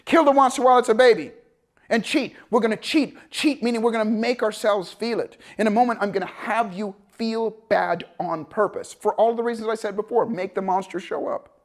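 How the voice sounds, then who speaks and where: A man teaching a motivational seminar, telling a story with lively acted-out dialogue and swings between loud bursts and hushed, calm passages. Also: high-pitched, brisk. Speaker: motivational coach.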